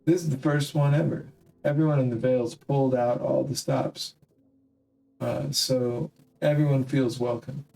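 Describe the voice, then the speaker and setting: A man voicing an eager, cheerful young local man who talks in an excited rush. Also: mid-range voice, normal speed, gravelly, far from the mic, close to an everyday voice, poor audio.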